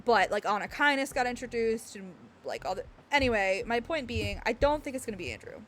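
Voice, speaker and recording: High-pitched woman streamer, rambling, animated, laughing and apologizing, desk thumps on the mic. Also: fairly quick. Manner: gestures and hits the desk when excited. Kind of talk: excited livestream chat reacting to a game. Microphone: desk mic picking up thumps.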